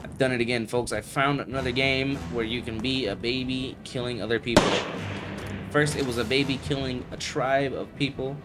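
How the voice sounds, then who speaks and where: A man giving excitable, profane, joking commentary over his gameplay. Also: medium pitch, normal speed, very noisy. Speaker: gaming video creator.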